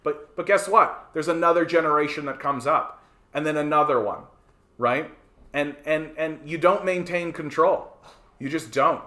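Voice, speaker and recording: A man's voice: mid-range voice, bright, forceful tone. A man from Canada hosting a podcast in a heated, profane rant, repeating "right?" again and again. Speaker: podcast host. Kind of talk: casual ranting monologue. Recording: echoey room.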